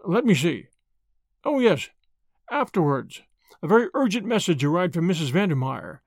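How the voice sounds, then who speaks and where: A man's voice: high-pitched, big pitch swings, moderate pace, gravelly, dry recording, studio quality, exaggerated voice. A man reading the part of a polite, bewildered doctor who speaks hesitantly. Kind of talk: audiobook character reading.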